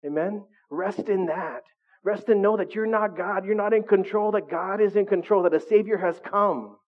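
A man's voice: high voice, steady tone, normal speed. A middle-aged male pastor preaching a sermon in a conversational way, often asking his listeners questions. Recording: phone-like narrow sound.

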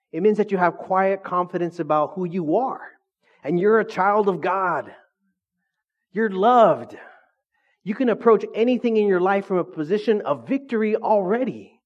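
A man's voice: sits high, animated, unhurried. A middle-aged man preaching a sermon as pastor, joking and calling for answers from the congregation. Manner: joking, call-and-response with the congregation. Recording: dull lo-fi recording.

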